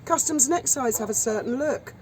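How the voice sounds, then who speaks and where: A woman chatting casually outdoors at sunset, telling stories in a lively, anecdotal way. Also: high-pitched, brisk, a little hiss or hum, low-quality recording. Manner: chatty storyteller. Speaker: co-host of a chat stream. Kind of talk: casual chat.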